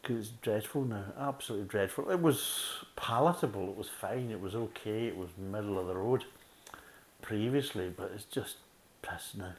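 A man's voice: fairly low pitch, moderate pace, rough recording. A man reviewing beer in a casual, blunt, rambling way, repeating himself often. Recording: faint background hiss.

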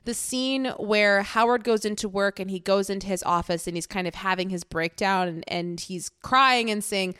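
A woman's voice: normal speed, few pauses, smooth, dry recording, studio quality. A woman co-hosting a podcast, chatting casually about a film, acting out quotes and laughing often. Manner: animated, acts out quotes with raised pitch, laughs often. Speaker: podcast co-host.

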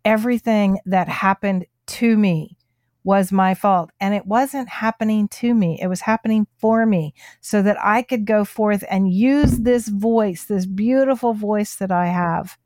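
A woman's voice: medium pitch, unhurried, a little mellow, no room sound, studio quality. A woman hosting a heartfelt casual conversation, speaking in a soothing, affirming way.

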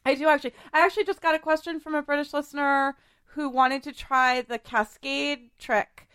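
A woman's voice: high-pitched, fairly even intonation, moderate pace, fairly bright tone, no echo. A woman hosting a podcast and giving cleaning tips in casual chat. She is chatty, laughs easily and uses lots of fillers. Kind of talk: casual chat mixed with how-to instructions.

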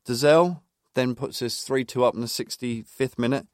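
A man's voice: mid-range voice, normal speed, dry recording, studio quality. A man co-hosting a casual football podcast, reading from notes and recounting old match details. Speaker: podcast co-host.

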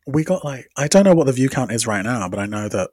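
A man's voice: medium pitch, sing-song, darkish tone, no echo, clean studio sound. A man co-hosting a podcast in casual, joking chat. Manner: playful, joking, quick to laugh. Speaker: podcast co-host.

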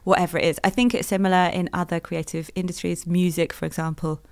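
British woman, low gravelly voice. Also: fairly even intonation, quick pace, dry recording. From Britain. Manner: articulate, emphatic, laughs easily. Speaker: guest. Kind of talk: conversational interview.

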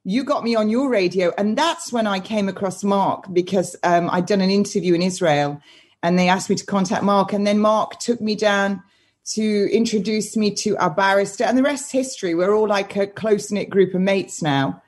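Talkative woman, breathy tone, video call guest. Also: mid-range voice, normal speed. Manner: animated, talkative storytelling. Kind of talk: casual interview chat.

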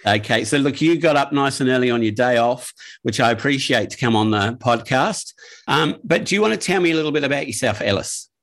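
A man's voice: mid-range voice, expressive, brisk. A man hosting a casual podcast interview, friendly and jokey, poking fun at himself. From Australia. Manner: friendly, jokey, self-deprecating. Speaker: podcast host.

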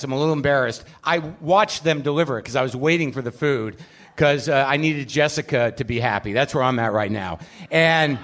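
A man with a fairly bright voice on the high side hosts a podcast live on stage. He delivers a rambling, self-deprecating comedic monologue full of profanity.

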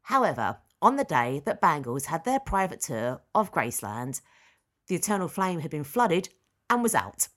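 A woman, co-hosting a podcast and telling an anecdote in a chatty, animated way. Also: low-pitched, moderate pace. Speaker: podcast co-host. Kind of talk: casual chat.

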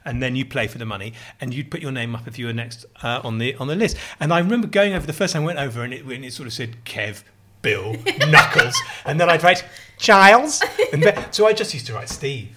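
A man's voice: mid-range voice, lively intonation, brisk, sharp tone. A middle-aged man with a posh southern English accent, telling rambling anecdotes in casual chat and mimicking other people's voices. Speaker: podcast co-host.

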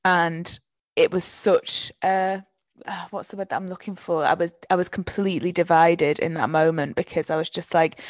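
A woman's voice: lowish voice, fairly even intonation, moderate pace, dry recording. A woman co-hosting a casual book podcast, searching for words with restarts and swearing freely. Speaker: podcast co-host.

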